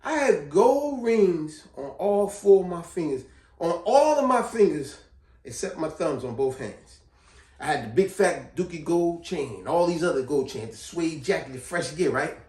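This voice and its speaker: A man vlogging, telling a personal story in a casual, slangy, animated way. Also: on the high side, measured pace. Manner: animated, slangy, repeats himself. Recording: echoey room, distant mic.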